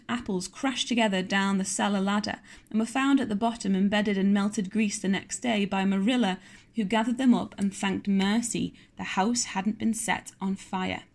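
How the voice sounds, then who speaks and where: A woman narrating a classic novel as an audiobook, in a clear, measured storytelling voice. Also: mid-range voice.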